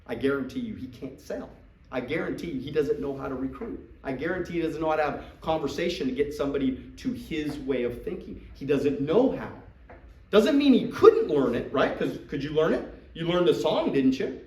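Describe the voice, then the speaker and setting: A man's voice: a little high, a little fast, echoey room, recorded from a distance, low-quality recording. A man coaching recruits in a live talk to a group, acting out sales dialogues. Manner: animated, acts out sales dialogues. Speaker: business trainer coaching recruits.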